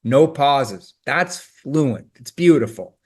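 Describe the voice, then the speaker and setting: A man's voice: medium pitch, animated, slow, slightly rough. Upbeat male test-prep teacher. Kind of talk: scripted instructional explanation.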